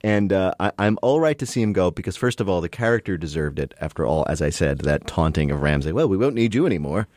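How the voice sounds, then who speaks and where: A man with a very low voice co-hosts a podcast recap, speaking fast and in animated bursts. The sound is close and dry, with no room in it. He jokes and often restarts his sentences. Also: dry recording. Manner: animated, quick, jokey, self-interrupting. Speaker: podcast co-host. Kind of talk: casual TV recap chat.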